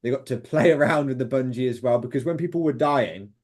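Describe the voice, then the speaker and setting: A man's voice: medium pitch, fairly quick, a little mellow. A young British man talking as an interview guest, telling set stories with lots of fillers. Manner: enthusiastic, rambling, lots of fillers and quoted voices. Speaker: interview guest, former extra. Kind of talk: casual interview storytelling.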